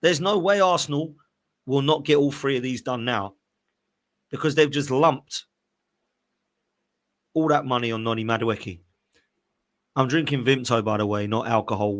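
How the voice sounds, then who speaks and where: A man's voice: medium pitch, moderate pace, pauses often. A man hosting a casual live-stream podcast, opinionated and emphatic, ranting with rhetorical questions. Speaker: podcast host.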